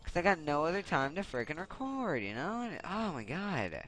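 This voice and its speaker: A man's voice: a little high, big pitch swings, moderate pace, a bit bright. A young man commenting on his gameplay in a casual, irritated way, swearing and rambling. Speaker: let's play gamer.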